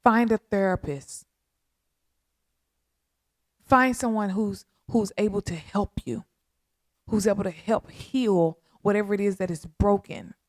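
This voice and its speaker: A woman hosting a podcast, making a heartfelt spoken appeal in a slow, earnest, pleading way with a lot of repetition. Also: mid-range voice, no room sound, studio quality. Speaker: podcast host.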